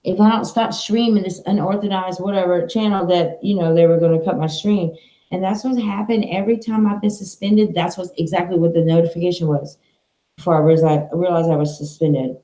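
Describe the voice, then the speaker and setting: A woman's voice: on the low side, fairly even intonation, brisk, dark tone, rough recording. A woman streaming live from home, chatting in a rambling, casual way to her viewers and her dog.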